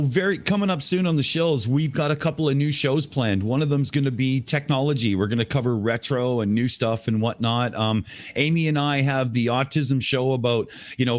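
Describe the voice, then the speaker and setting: A middle-aged man from Canada hosting a casual live show, chatty, cursing freely and laughing often. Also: medium pitch. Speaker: show host. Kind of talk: casual livestream chat.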